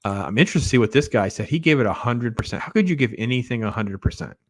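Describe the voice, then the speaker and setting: A man in the middle of a casual movie review. His voice sits at an ordinary pitch and comes through dry and close, with no room sound. He rambles and trails off, turning blunt and sarcastic. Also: animated, fast talker, dry recording. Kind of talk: casual spoiler review monologue.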